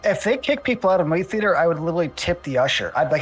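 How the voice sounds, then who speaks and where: A man in casual chat, telling stories haltingly with many fillers. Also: fairly high pitch, big pitch swings, husky, faint music behind. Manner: hesitant, halting storytelling with fillers. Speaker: podcast guest.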